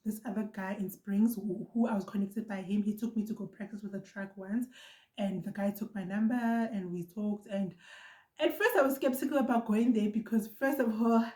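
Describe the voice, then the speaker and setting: A young woman with a South African accent tells a personal story to her viewers in a casual, animated vlog style, talking fast in bursts and repeating lines for emphasis. Her voice is soft and mellow rather than bright, and it rings out in a roomy, echoey space. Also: medium pitch. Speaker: vlogger.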